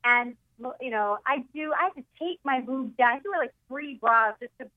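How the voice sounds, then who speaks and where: This phone-in guest comedian speaks in a high-pitched voice, a little fast, with no echo. She jokes and laughs a lot during the casual chat, and the phone line sounds tinny and dry.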